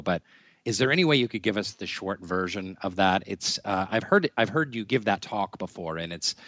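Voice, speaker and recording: A man's voice: sits low, a bit bright, dry recording. A middle-aged man hosting an interview over a video call, playful and jokey as he talks. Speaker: podcast host.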